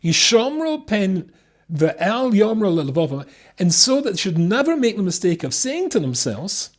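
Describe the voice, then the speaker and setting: A rabbi leads a text class before a small live audience. His slightly husky voice sits a little high and swings widely in pitch as he reads and explains. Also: unhurried. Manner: lively, reads Hebrew text then explains it. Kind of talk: animated Torah class.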